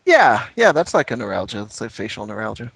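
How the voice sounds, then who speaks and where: A man's voice: on the low side, sing-song, fairly quick, creaky, fairly bright tone, slightly rough. A man co-hosting a casual podcast, chatting earnestly and giving mock-doctorly advice. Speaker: podcast co-host. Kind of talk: casual chat.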